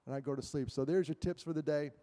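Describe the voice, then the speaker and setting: A middle-aged man, a guest speaker, gives a quick-paced motivational talk in a large hall where his voice echoes with a long tail. His mellow tone runs a bit high for a man, and he tells animated stories, acts out quotes and jokes with the crowd.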